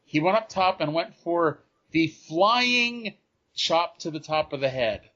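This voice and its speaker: A man's voice: a little high, lively intonation, slow, bright, forceful tone, highs cut off. A man co-hosting a podcast, chatting casually and dropping dry, sarcastic asides. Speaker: podcast co-host. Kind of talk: casual wrestling recap chat.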